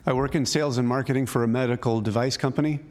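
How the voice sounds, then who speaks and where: An actor playing an awkward, rambling witness who testifies at a hearing. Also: male voice, mid-range voice, steady tone, a little mellow, lightly acted. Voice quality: halting, rambling. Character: awkward, rambling male party-crasher witness. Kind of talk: TV drama testimony.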